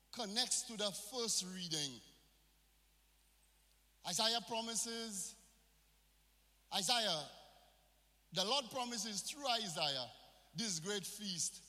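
Male pastor, high voice, piercing bright tone, long church reverb, call and response sermon. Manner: call-and-response, mixes in Creole phrases.

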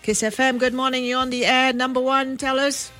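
A woman hosting a morning call-in quiz, brisk and teasing, repeating the phone number. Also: sits high, flat delivery, bright, forceful tone. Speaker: radio host. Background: music.

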